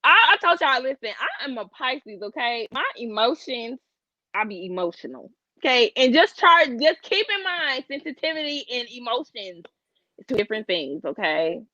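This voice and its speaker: A woman's voice: on the high side, moderate pace, no echo, lo-fi sound. A woman co-hosting a casual live chat, talking to her viewers with big emotional swings. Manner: animated, emotional, talks to viewers as y'all. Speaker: co-host.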